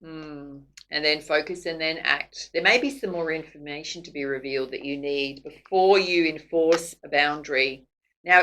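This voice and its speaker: A woman's voice: deep voice, bright, forceful tone, slight background noise, low-quality recording. A woman doing a casual tarot reading to camera, chatty and laughing often. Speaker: psychic tarot reader.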